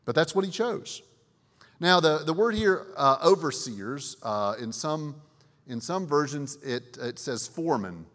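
A man preaching a sermon in a relaxed, conversational way, with many fillers and restarts and frequent questions to his audience. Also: on the high side, measured pace. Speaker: pastor. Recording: long reverb of a large hall.

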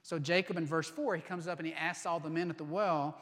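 A man preaching a sermon, retelling a scripture passage in an animated, humorous way and acting out the people in it. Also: a little high, a little fast. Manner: animated, humorous, acts out voices. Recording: long reverb in a large hall.

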